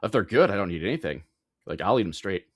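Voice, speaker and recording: Fast-talking host, low voice. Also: male voice, very animated, slightly rough, no echo. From American Midwest. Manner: rambling, full of "like" fillers. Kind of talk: casual chat.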